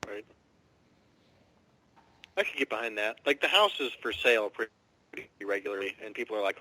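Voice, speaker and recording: A man's voice: on the low side, animated, moderate pace, long pauses, pushed and bright, no room sound, low-quality recording. A man co-hosting a podcast in casual chat, speaking with enthusiasm and emphasis. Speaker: podcast co-host.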